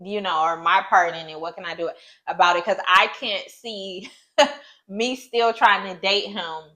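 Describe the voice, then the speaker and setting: A woman's voice: fairly even intonation, a little slow, bright, forceful tone, rough recording. Young woman, casual couple storytelling, emotional delivery that leaps up on exclamations. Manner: emotional, rising high when exclaiming. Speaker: co-host.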